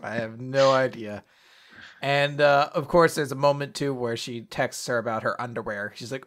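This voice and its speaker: A man co-hosting a casual manga recap podcast, acting out the characters' lines in quick voices and swearing freely. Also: mid-range voice, a bit bright. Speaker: podcast co-host.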